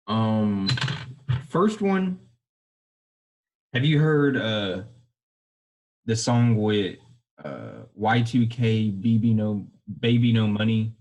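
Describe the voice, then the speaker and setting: A man's voice: fairly low pitch, animated, extremely slow, long pauses, darkish tone, dull audio. A young man co-hosting a podcast in casual chat, rambling and hedging as he goes. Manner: rambling, hedging, self-correcting. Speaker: podcast co-host.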